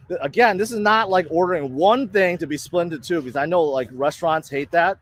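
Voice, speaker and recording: A man with a fairly high voice, speaking at a normal pace, rants casually and indignantly about a restaurant bill. He's the storyteller in a played clip, retelling his own side of the argument.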